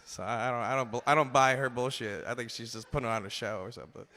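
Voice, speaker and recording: A man in his twenties doing a loose, swearing stand-up set on a comedy club stage, shouting in the bits. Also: mid-range voice, fairly even intonation, fast talker, a little hiss or hum. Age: 20s. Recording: live stage mic in long hall reverb.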